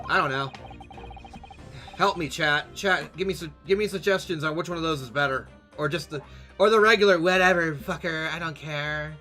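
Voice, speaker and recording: A man's voice: a little high, normal speed, bright, forceful tone, faint music behind. A man streaming a game, chatting casually and animatedly with frequent swearing. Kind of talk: casual gameplay commentary.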